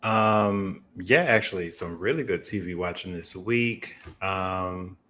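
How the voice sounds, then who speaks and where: A man co-hosting a casual chat show, easygoing and quick to laugh. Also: deep voice, fairly bright tone. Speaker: co-host.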